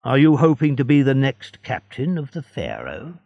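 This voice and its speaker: A man's voice: mid-range voice, huge pitch swings, moderate pace, creaky, darkish tone, no echo, highs cut off, voice pushed up. A man voicing an envious, sneering neighbour in a storybook reading. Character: envious grumbling male neighbour.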